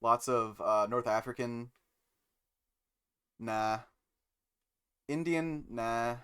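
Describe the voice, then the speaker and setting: Guy thinking out loud on stream, super slow, smooth clear voice, keys clacking. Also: medium pitch. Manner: slow and musing, thinking aloud with many pauses and fillers. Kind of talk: casual live-stream chat while coding.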